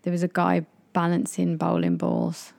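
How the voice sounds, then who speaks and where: A woman chatting casually with a friend, quick to laugh and slip into impressions. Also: lowish voice, monotone, vocal fry, a little mellow, dry recording. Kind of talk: casual chat.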